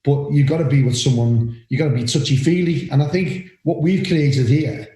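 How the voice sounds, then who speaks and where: An older man with a Liverpool accent, chatting loudly and boisterously as a podcast co-host about refereeing. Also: a little high, moderate pace, echoey room, rough recording. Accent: Liverpool (Scouse). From Liverpool, England. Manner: loud, boisterous, rambling. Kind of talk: casual chat.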